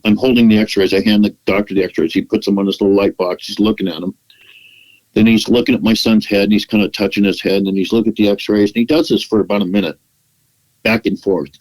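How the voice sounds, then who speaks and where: A man's voice: lowish voice, a little mellow, rough recording. A man, a podcast guest, tells a long personal story in conversation, acting out the dialogue he quotes and often restarting with "you know.". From California, United States. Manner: acts out quoted dialogue in his retelling.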